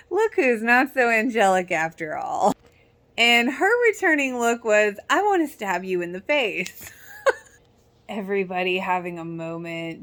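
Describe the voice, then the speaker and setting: A woman giving casual rewatch reaction commentary, chatty and giggly, quickly mimicking characters' lines. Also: mid-range voice, sharp tone. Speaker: show reaction host.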